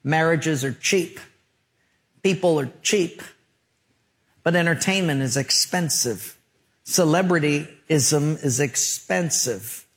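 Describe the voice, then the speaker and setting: A male pastor delivers a sermon with a fairly high-pitched voice. He moves through stories in an emphatic yet conversational manner, speaking straight to the congregation. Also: slow pace, pauses often.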